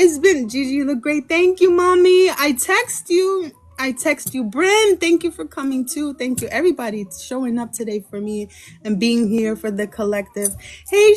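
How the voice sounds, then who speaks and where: A woman's voice: sits high, expressive, measured pace. A woman hosting a tarot livestream, chatting in a bubbly way, greeting viewers by name and mixing in Spanish words. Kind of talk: casual livestream chat. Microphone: phone livestream.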